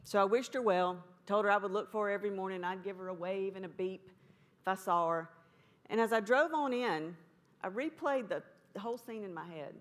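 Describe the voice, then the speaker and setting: A woman's voice: mid-range voice, fairly quick. A woman giving a conference talk, telling a story in a folksy, humorous way. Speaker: conference speaker.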